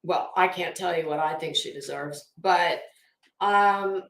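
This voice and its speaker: A woman's voice: lowish voice, measured pace, a bit bright, roomy sound. A tired, worn-out woman hosting a livestream in casual chat, reading comments and rambling with trailing thoughts. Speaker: livestream host.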